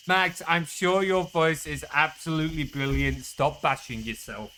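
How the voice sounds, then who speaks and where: A man's voice: a little high, expressive, slow, bright, forceful tone, slight background noise, poor audio. A man with a Yorkshire accent giving casual, chatty commentary while streaming a game, swearing freely and answering his chat aloud. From Northern England.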